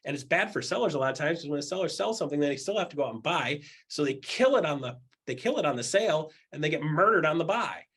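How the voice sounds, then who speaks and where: A man's voice: a little high, fast, few pauses, slightly rough. A man coaching a group of real estate agents in a blunt, joking way, acting out the voices he quotes and repeating his points. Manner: animated, acts out quoted voices; blunt, jokey, repeats himself.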